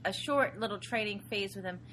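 A woman's voice: mid-range voice, fairly quick, crowd noise. A woman co-hosting a podcast, chatting casually about a movie, rambling and gushing and repeating her words. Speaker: podcast co-host. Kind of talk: casual chat reviewing a movie.

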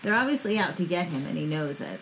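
A woman's voice: on the low side, lively intonation, quick pace, fairly bright tone, a little hiss or hum, poor audio. Agreeable woman in casual chat. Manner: agreeable, backs up her co-host with short replies. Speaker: podcast co-host. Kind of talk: casual chat about a movie.

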